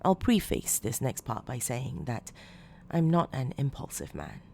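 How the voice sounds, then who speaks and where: A woman reading a horror story as scripted narration, measured and low-key with dramatic emphasis. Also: wildly swooping pitch, vocal fry, mellow, slight background noise.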